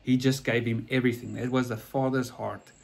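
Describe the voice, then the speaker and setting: Male preacher, earnest conversational storyteller, slightly husky voice, mid pitch. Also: level tone, fairly quick. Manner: earnest, repeats and restarts words.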